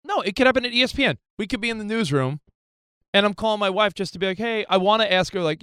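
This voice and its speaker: A man's voice: high-pitched, clear, resonant tone, no echo. A man in his thirties, a radio host, telling a story in casual studio banter and acting out his own phone calls. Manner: animated, acts out phone calls in quick voices.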